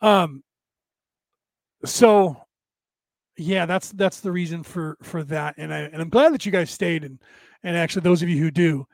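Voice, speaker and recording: A man's voice: a little high, measured pace, gravelly, pauses often, no room sound. A man hosting a casual livestream, talking with viewers in a rambling, chuckling way while his voice tires and strains. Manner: rambling, chuckling, searching for words. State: tiring, strained voice. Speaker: livestream host and minister.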